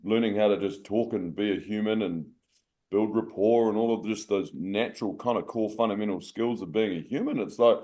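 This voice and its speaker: A man's voice: on the low side, a little fast, warm tone. A man with a New Zealand accent, a podcast guest in casual chat who stammers and repeats words as he starts his sentences.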